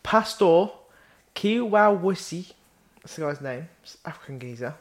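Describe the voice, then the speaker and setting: A man's voice: a little high, lively intonation, normal speed. A man co-hosting a podcast who tells funny stories in casual chat, using slang. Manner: storytelling, uses slang like innit. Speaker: podcast co-host. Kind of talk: casual banter.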